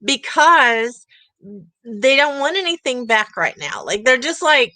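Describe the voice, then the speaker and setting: A woman's voice: on the high side, expressive, a little slow, pushed and bright, no echo, poor audio. A middle-aged woman telling her story with earnest emphasis, speaking outdoors from a campground porch. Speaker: summit speaker. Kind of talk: passionate personal storytelling talk.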